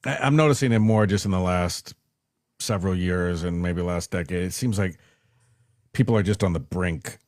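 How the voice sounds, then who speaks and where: Deep-voiced, reflective male host. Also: moderate pace, darkish tone, no room sound, studio quality. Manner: reflective, searching for words, frequent restarts. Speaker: podcast host. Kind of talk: casual interview.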